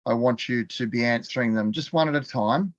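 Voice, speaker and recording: An Australian continuing education teacher runs a live online class from his computer, speaking briskly in a medium-pitched voice. He's chatty, laughs often and quizzes viewers in the chat, and the dry recording has its highs cut off.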